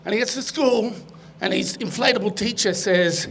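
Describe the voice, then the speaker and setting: A man's voice: high voice, brisk, a bit bright, slight background noise. A man, a guest comedian, telling jokes on stage in a loose storytelling way. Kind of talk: stand-up joke telling.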